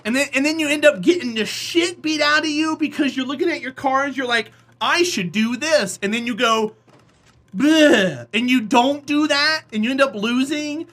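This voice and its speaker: This live streamer chats casually with viewers, telling rambling, animated stories and often slipping into acted voices. The voice sits high and runs a little fast, with hardly any pauses.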